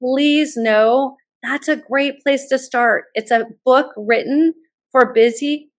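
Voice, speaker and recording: Brief: middle-aged woman, fairly high voice, animated and enthusiastic, podcast guest storyteller. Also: takes it slowly. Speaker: college admissions consultant, guest. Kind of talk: podcast interview, personal storytelling.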